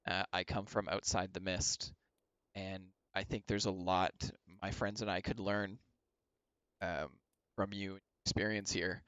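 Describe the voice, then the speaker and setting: A man's voice: sits low, flat delivery, measured pace, a bit bright, clean tone, no room sound, poor audio. A man voicing his own adventurer character in a tabletop game, speaking politely and hesitantly. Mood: courteous. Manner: hesitant, with many fillers. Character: polite young male adventurer speaking to a stranger.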